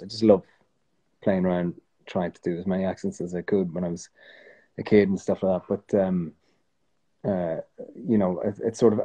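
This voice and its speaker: Dark-voiced Irish man chatting. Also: sits low, breathy edge. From Ireland. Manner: relaxed, rambling, many fillers and restarts. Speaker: guest. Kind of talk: casual interview chat.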